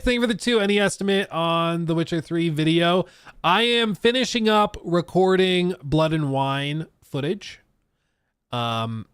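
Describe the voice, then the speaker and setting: A man's voice: on the high side, clear, resonant tone, no echo, clean studio sound. A man hosting a casual gaming livestream, rambling loosely, laughing often and reading out chat messages. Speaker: gaming streamer.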